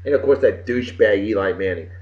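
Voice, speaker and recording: A middle-aged man hosting a web show from home, giving casual birthday shout-outs in a boisterous, folksy, wisecracking way with some swearing. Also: on the low side, fast. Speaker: show host. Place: home room with computer behind him. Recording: roomy, dull lo-fi webcam audio.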